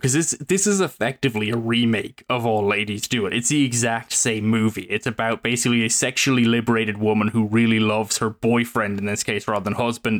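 Animated, swearing man reviewing films. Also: mid-range voice. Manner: animated, swearing, laughing often. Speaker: podcast co-host. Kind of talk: casual film review chat.

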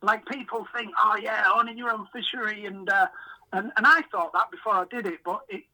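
A man's voice: high voice, fairly even intonation, a little fast, bright, forceful tone, poor audio. A man from England, a podcast guest and fishery owner, telling rambling self-deprecating stories in a casual chat. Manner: chatty, self-deprecating, rambling anecdotes with quoted dialogue. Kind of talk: casual storytelling.

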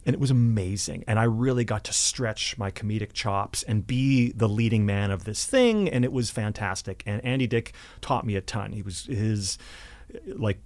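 A man, an actor, telling stories from his career in a casual interview, animated and laughing at himself. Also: fairly low pitch, moderate pace, dry recording. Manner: animated anecdotes with self-deprecating laughs. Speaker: actor and podcast guest.

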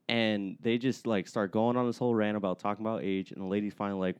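Laid-back, swearing male storyteller, medium pitch, dry close sound. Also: fast, hardly any pauses, a little mellow, clean tone, dry recording. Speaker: podcast co-host. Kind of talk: casual storytelling.

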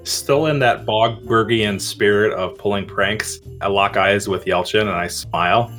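A man's voice: on the low side, unhurried, a bit bright, soft background music. A man playing a tabletop game, describing his character in a wry, amused way. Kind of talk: casual tabletop game play.

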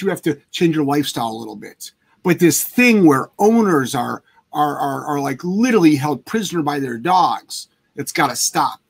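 A fairly high-pitched, gravelly, slightly rough male voice belongs to a dog trainer running a casual livestream Q&A. He answers viewers bluntly, with plenty of emphasis and cursing.

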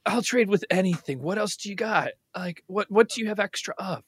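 A man's voice: high voice, fairly quick, breathy edge, no room sound. A man improvising a desperate husband in a comedy sketch, stammering and pleading.

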